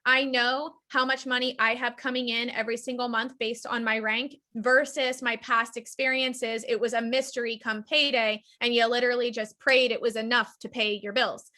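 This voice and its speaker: A woman's voice: on the high side, level tone, normal speed, few pauses, sharp tone. A woman leading a group call, giving an upbeat, persuasive sales presentation. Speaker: team leader presenting a business opportunity.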